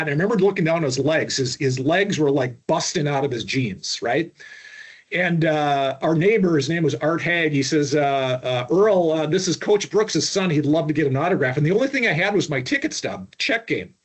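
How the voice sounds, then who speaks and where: A middle-aged man from Minnesota, a podcast guest telling long stories with lots of restarts and fillers. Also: a little high. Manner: rambling anecdotes with many restarts and fillers. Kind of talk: storytelling interview.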